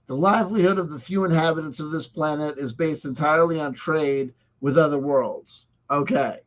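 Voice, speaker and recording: A man with a slightly high voice reviewing a tabletop game supplement in a casual way. He reads the text aloud and cuts in with sarcastic, profane remarks. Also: moderate pace.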